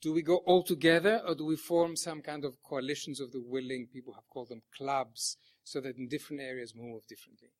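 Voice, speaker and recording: Man giving a measured lecture. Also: mid-range voice, steady tone. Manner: measured, rhetorical questions. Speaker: panel speaker and chair. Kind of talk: academic presentation.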